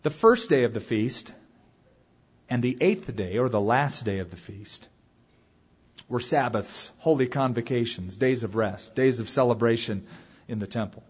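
Husky guy preaching, big loud bits then quiet ones, kinda muffled recording. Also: mid-range voice, unhurried. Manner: dramatic, animated preaching that swings from loud calls to quiet asides. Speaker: pastor. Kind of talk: sermon.

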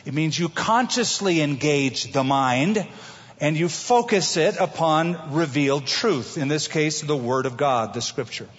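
A man preaching a sermon as pastor, telling it in an animated way with homey everyday examples. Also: a little high, a little slow, slightly rough. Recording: dull recording with long hall reverb.

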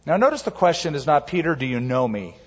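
A man's voice: fairly high pitch, very animated, quick pace, breathy edge. A man preaching a sermon, telling stories animatedly and acting out quotes in a raised voice. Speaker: pastor. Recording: muffled sound in a large reverberant hall.

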